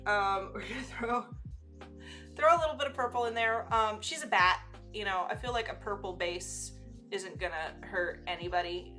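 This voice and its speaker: A woman's voice: mid-range voice, bright, forceful tone. A woman hosting a casual live digital-painting demo, chatty and self-teasing, with frequent fillers and asides. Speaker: digital artist and livestream host.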